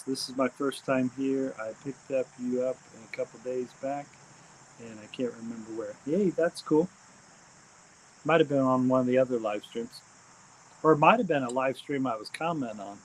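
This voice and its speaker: Casual live-stream host, male, medium pitch, rambling and hesitant, keeps repeating plugs. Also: rough recording. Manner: hesitant, frequent ums and uhs.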